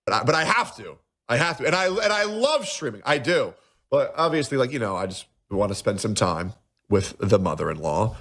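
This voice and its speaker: A young adult man streaming, talking in an emotional, halting way with frequent stammered restarts. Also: medium pitch, very animated, a bit bright. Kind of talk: emotional live-stream monologue.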